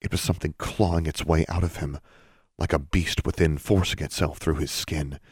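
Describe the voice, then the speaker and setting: A male audiobook narrator with a very deep, low voice, reading a fantasy chapter in a measured, even way. The sound is dry and close, with no room around it. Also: slightly rough, no room sound. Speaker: podcast narrator.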